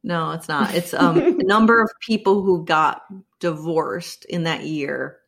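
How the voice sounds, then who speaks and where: A woman with a somewhat low voice, chatting casually as a co-host. She shares bits from her research and trades jokes. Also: takes it slowly, vocal fry, crowd noise. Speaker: podcast co-host. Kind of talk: casual chat.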